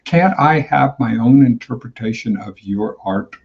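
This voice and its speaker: A man co-hosting a casual live discussion, speaking haltingly and repeating words as he searches for them. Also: mid-range voice, expressive, a crowd in the background. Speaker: co-host. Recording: dull lo-fi sound.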